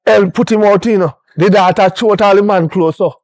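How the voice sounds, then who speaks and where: A man's voice: sits high, fairly even intonation, brisk, darkish tone, no room sound. A man with a Jamaican accent telling a gossipy story in patois, acting out the voices of the people he quotes. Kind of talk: Jamaican film dialogue.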